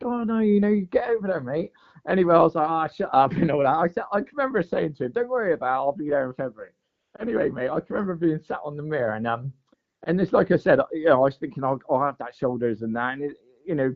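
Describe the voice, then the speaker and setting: A man's voice: medium pitch, animated, quick pace. A man telling a long fishing story in casual chat, saying "mate" and "like" all the time. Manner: chatty, says "mate" and "like" constantly. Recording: dull lo-fi sound.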